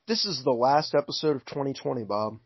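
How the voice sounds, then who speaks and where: A man's voice: medium pitch, animated, fairly quick, breathy edge, no echo. A man co-hosting a podcast, laying out his reasoning earnestly in casual chat. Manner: earnest, reasoning argument with restarts. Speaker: podcast co-host. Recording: dull lo-fi dry recording.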